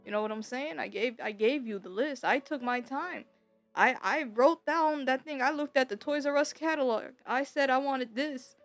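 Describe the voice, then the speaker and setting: A young woman telling a personal story in a casual, rambling way. She swears freely, repeats herself, and gets louder when she is upset. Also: high-pitched, normal speed, faint music behind. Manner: bitter and emotional, voice rising when upset. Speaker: streamer.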